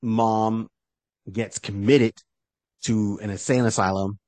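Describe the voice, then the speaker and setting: A man co-hosting a podcast, casually retelling a comic book story in an animated way and slipping into short character voices. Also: on the low side, slow pace, dry recording. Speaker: podcast co-host.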